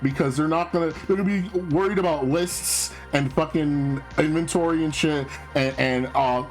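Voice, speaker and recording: A man's voice: a little high, rough recording. A male streamer in casual chat, ranting in an exasperated way with constant swearing.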